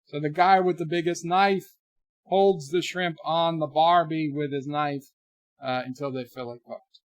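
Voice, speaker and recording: An American man hosts a casual livestream from his bedroom, joking and rambling with animated asides as he reads viewer comments aloud. His voice is on the high side and his pace measured, with no echo in the recording.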